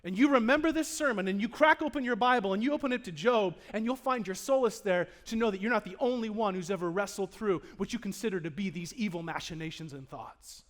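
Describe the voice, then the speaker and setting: A man preaching a sermon to a live congregation. He speaks dramatically, acts out the people in the story, and swings between hushed and loud delivery. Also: high-pitched, quick pace, hardly any pauses. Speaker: pastor. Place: church in front of a live congregation.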